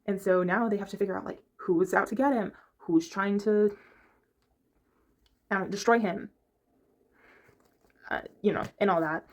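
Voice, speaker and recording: A woman's voice: mid-range voice, fairly even intonation, a little slow, long pauses. A woman chatting casually about books from her bedroom, rambling and stopping to hunt for the right word. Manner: chatty, rambling, gropes for words. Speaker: book reviewer. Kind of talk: casual chat.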